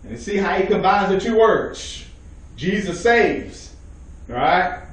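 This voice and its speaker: A man preaches at a men's Bible study, emphatic and calling out to his listeners. His voice sits high. He is heard from a distance in a strongly echoing room. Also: animated, a little slow. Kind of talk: sermon. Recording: very echoey room, mic far off.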